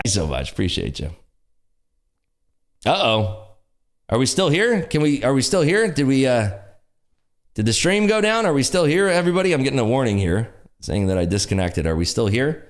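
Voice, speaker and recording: A man hosting a live day trading stream, excitably calling market moves and chatting with viewers. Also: mid-range voice, moderate pace, pauses often. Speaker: day trading livestream host.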